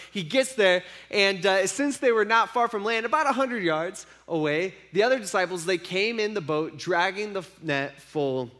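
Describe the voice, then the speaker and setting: A man's voice: high voice, fairly bright tone. A man preaching a casual sermon, retelling a story and acting out the speakers' lines in an everyday voice. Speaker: pastor.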